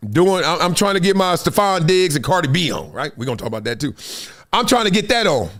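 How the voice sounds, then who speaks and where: A middle-aged man with a Southern California accent, hosting a live show and telling a story in a lively way, acting out quotes and laughing often. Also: sits high, quick pace. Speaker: host.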